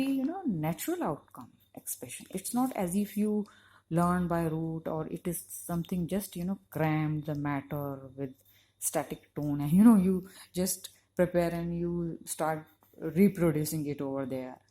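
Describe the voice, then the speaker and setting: A woman's voice: fairly low pitch, mellow, slightly rough. A woman teacher, giving a conversational lecture to university students and leaning on "you know" as she explains. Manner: explanatory, emphatic on key points.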